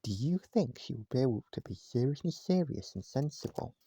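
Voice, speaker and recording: A man reading a children's storybook aloud at home, gentle and speaking straight to his listeners. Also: medium pitch, animated, brisk, husky, no echo, lo-fi sound. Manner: gentle, addresses listeners directly. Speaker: vlogger reading a bedtime story. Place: at home, indoors, cat on his knee.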